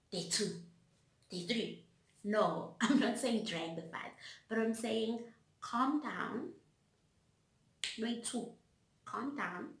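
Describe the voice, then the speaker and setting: A young South African woman giving casual, frank advice to her viewers, animated and direct, acting out her own outbursts. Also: fairly low pitch. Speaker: vlogger. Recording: roomy echo.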